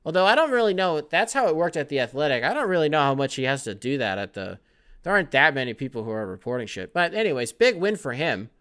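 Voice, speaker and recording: This young sports podcast host has a smooth, fairly high voice and talks fast. In a casual, animated way, he rambles across topics and swears plenty.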